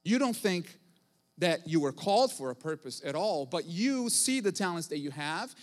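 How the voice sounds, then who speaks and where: A male pastor preaching a sermon, emphatic, repeating phrases and building to loud bursts. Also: a little high, big pitch swings, moderate pace. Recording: long hall reverb.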